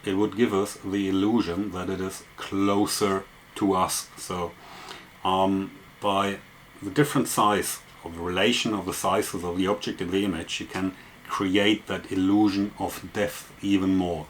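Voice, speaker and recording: A man walks through a photography and photo-editing tutorial step by step in a screen recording, explaining as he goes with frequent fillers. His voice is low, fairly even, and a little slow, with slight background noise.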